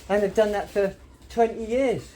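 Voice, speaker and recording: A man's voice: high voice, fairly even intonation, normal speed, a little mellow. A man arguing heatedly as a patient, pleading and swearing in a real-life conversation. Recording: noisy handheld audio log.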